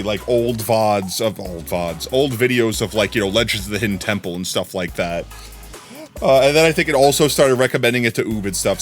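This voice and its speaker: A man streaming and chatting casually to his viewers, rambling and repeating words as he goes. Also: fairly low pitch.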